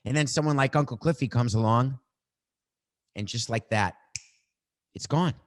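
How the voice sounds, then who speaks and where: A man's voice: mid-range voice, normal speed. A middle-aged man hosting a podcast, musing aloud in a reflective monologue. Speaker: podcast host.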